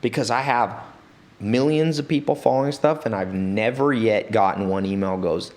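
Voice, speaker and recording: Animated man telling stories as a guest. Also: lowish voice, normal speed. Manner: animated, acts out quoted people. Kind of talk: storytelling interview talk. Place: studio.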